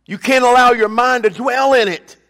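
Older male pastor, high-pitched, preaching in a reverberant church sanctuary; dynamic delivery from quiet asides to loud emphasis. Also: normal speed. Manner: preaching with call-and-response, swinging between loud emphatic bursts and quiet asides. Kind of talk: sermon. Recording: long reverb of a church hall.

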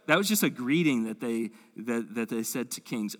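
A man's voice: medium pitch, animated, normal speed, hardly any pauses. A male pastor teaching the Bible in an enthusiastic, conversational way, often saying "man" and "like". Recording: long hall reverb.

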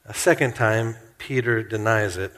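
A man preaching a sermon in a church, earnest and slowing down to stress key points. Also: lowish voice, fairly bright tone, long reverb tail. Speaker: pastor.

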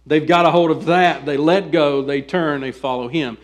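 A male pastor preaching an expository sermon, reading scripture aloud and questioning his listeners, swinging from quiet asides to loud, emphatic pleading. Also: fairly high pitch, steady tone, moderate pace, few pauses.

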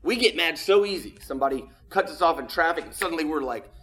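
Casting note: man, pastor delivering a sermon, slightly raised pitch, conversational and earnest, swings between loud emphasis and hushed tones. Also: expressive, fast talker. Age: adult with children.

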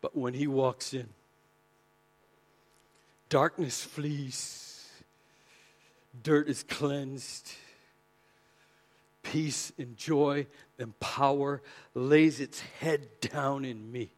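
A preacher speaking as a humble innkeeper who owns only a barn, giving an earnest first-person testimony. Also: male voice, mid-range voice, steady tone, extremely slow, pauses often, voice pushed down. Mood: hushed.

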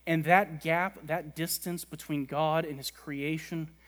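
A man preaching a sermon, stressing words by repeating them and letting key lines fall quiet and low. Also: steady tone, measured pace. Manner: emphatic, repeats words for stress, drops soft at ends. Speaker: pastor.

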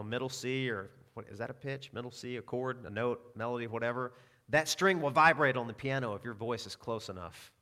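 A man preaching in a relaxed, conversational way, moving between personal stories and scripture. He throws in self-deprecating asides and quiets down when he quotes scripture. His pitch sits in an ordinary middle range. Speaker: pastor. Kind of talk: sermon.

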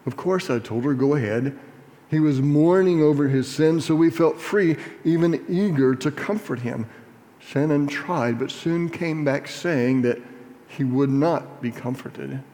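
Man, memoir reading, measured, earnest, slow, mellow tone, long hall reverb. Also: on the high side. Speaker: reader.

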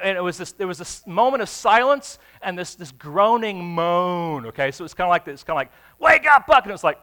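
A man preaching in a bright, forceful voice that sits a little high for a man. He tells his stories dramatically, dropping to a hush and then bursting into a shout. A faint mains hum runs underneath. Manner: dramatic storytelling, swings from hushed to shouting. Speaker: pastor. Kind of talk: sermon.

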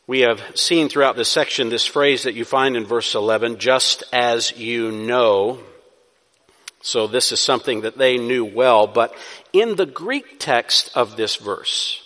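A pastor preaches a sermon in a hall with long reverb, building to emphatic peaks before easing back into a conversational tone. His medium-pitched, fairly bright voice keeps a measured pace.

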